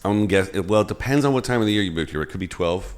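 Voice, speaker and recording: A man's voice: deep voice, animated. A man hosting a casual podcast chat in a studio, cracking jokes as he talks. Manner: fast-talking, joking. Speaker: podcast host.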